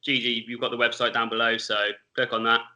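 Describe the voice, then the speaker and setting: A man's voice: medium pitch, completely flat delivery, fast talker, bright, forceful tone. A man giving horse racing betting tips as a podcast guest, speaking plainly and confidently. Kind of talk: casual chat.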